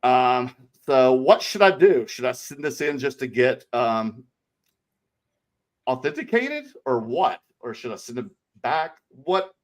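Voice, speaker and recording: A middle-aged man with a Southern US accent, co-hosting a casual card collecting livestream, greeting viewers with loud sing-song shout-outs. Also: medium pitch, sing-song, slow pace. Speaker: co-host of a card collecting show.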